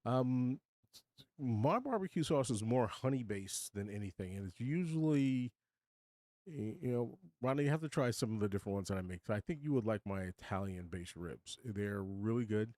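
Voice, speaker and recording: An older man in his sixties talks to his livestream viewers from a home studio. His voice sits low and sounds mellow and relaxed, with a dry, close sound and no room echo. He rambles and wanders off track, pokes fun at himself, and restarts his sentences often. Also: moderate pace. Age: 60s. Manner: rambling, chatty, self-deprecating, with many restarts. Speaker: livestream host. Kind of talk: casual livestream chat with viewers.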